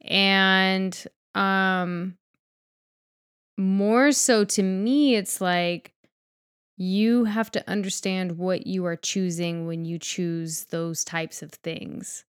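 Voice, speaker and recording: A woman's voice: medium pitch, steady tone, very slow, smooth. A woman co-hosting a podcast in casual chat, talking frankly, rambling with fillers and swearing freely. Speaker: podcast co-host.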